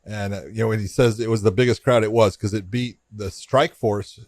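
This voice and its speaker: Middle-aged guy rambling through a story, lowish voice, dry close mic, does both sides of the convo. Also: steady tone, a little fast, a little mellow, dry recording. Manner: rambling anecdote, acts out both sides of conversations. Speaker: podcast co-host and MMA referee. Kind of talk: casual storytelling on a podcast.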